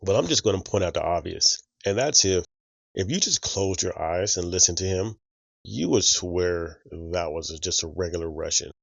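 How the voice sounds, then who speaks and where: A man's voice: deep voice, lively intonation, normal speed, creaky, breathy edge, highs cut off, soft background music. A man hosting a reaction channel, commenting in a conversational, reflective way and thinking aloud as he goes. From United States.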